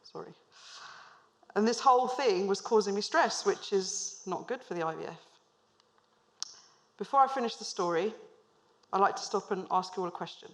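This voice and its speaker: A woman's voice: medium pitch, moderate pace, pauses often. Engaging woman giving a storytelling business talk. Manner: engaging, asks the audience questions, lightly humorous. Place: stage before a live audience.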